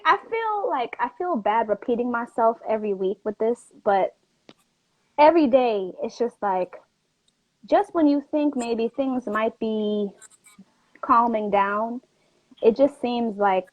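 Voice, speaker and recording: A woman hosting a casual talk show, chatting in a lively, quick way and laughing easily. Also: a little high, no room sound, highs cut off. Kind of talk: casual chat.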